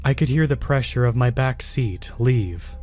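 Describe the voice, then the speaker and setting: Man narrating a horror story, measured. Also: medium pitch, lively intonation, a little mellow, faint music behind. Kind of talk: scripted first-person horror narration.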